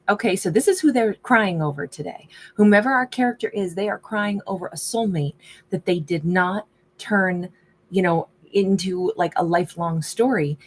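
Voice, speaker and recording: A woman's voice: medium pitch, normal speed, breathy edge. Woman musing through a tarot reading. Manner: musing, thinks aloud while reading cards. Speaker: tarot reader. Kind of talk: casual tarot storytelling.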